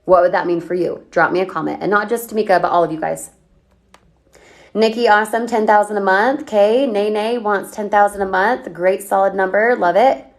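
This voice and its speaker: Brief: upbeat female coach on a livestream, chatty, quick-fire questions to viewers, mid-pitched voice. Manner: energetic, chatty, asks rapid questions. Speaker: online business coach. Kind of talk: livestream chat reading viewer comments.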